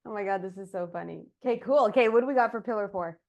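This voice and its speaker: A woman hosting a podcast, chatting casually with lots of "like" and quick laughs. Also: medium pitch, vocal fry. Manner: warm affirmations, giggly, says "like" a lot. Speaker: podcast host.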